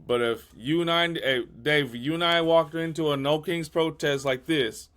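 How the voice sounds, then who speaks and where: A man's voice: a little high, normal speed, fairly bright tone. A man hosting a casual podcast, talking bluntly with lots of swearing and stammered restarts. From California. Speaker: podcast host.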